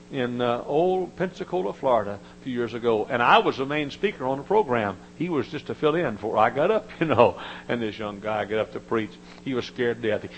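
An older man preaching a sermon, telling folksy stories and climbing into high, emotional quoted voices. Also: slight background noise, low-quality recording.

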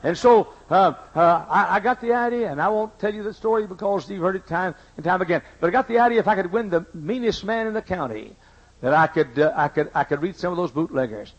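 Older male pastor, husky and slightly high-pitched, emphatic sermon delivery on a dull lo-fi recording. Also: lively intonation, fairly quick. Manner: emphatic preaching, repeats key lines, folksy asides. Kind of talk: sermon with personal stories. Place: church sanctuary.

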